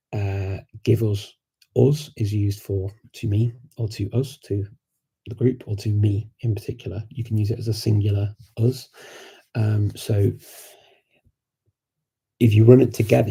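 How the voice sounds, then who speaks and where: Scouse guy chatting loosely, super husky, pretty flat delivery, lots of ums. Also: lowish voice. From Liverpool, England. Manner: rambling, with many fillers and restarts. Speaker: language learning speaker. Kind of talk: casual livestream Q&A.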